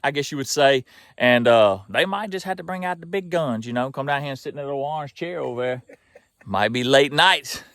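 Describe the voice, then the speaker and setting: A man's voice: mid-range voice, fairly bright tone, dry recording. A man with a Southern US accent, chatting folksily outdoors in a field while narrating his hog trapping vlog. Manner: folksy, chatty, laughs often.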